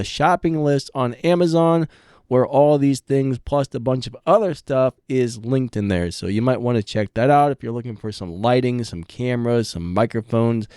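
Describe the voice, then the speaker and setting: A man's voice: medium pitch, warm tone, no echo. A man casually reviewing microphones in a plain-spoken, self-deprecating way, talking close into studio mics.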